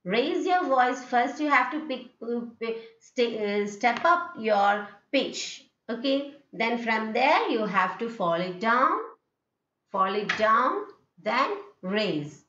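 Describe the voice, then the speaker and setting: A woman's voice: on the high side, lively intonation, takes it slowly, fairly bright tone. A woman teacher with an Indian English accent, giving a recorded university lecture on intonation and patiently repeating each point with "okay". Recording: echoey room, dull lo-fi sound.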